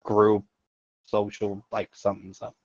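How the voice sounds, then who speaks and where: A man's voice: fairly low pitch, completely flat delivery, normal speed, dry recording. A man who is a guest on a casual podcast, talking in a laid-back, offhand way. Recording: dull, dry sound.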